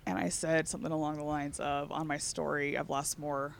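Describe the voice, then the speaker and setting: Woman co-host, gravelly fry, middle pitch, loose rambling storyteller, faint background noise. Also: little pitch movement, a little fast. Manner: laid-back, rambling storytelling, constant fillers, laughs often. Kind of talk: casual chat.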